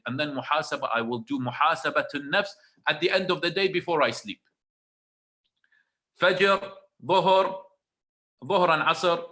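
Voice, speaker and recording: A fairly high-pitched man with a sharp tone gives an emphatic religious talk as a webinar speaker on a video call. He repeats phrases and checks in with his listeners by asking "right?"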